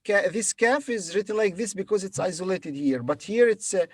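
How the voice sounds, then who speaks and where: A man's voice: sits high, lively intonation, normal speed, no room sound, studio quality. A man teaching Arabic to beginners, patiently sounding out each word and repeating it for his learners. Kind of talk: beginner language lesson.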